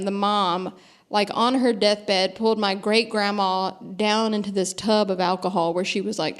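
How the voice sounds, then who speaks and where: A woman from the American South in her thirties, a guest author telling stories on stage with a self-deprecating manner, laughing often and restarting her sentences. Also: mid-range voice. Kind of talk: storytelling interview on stage.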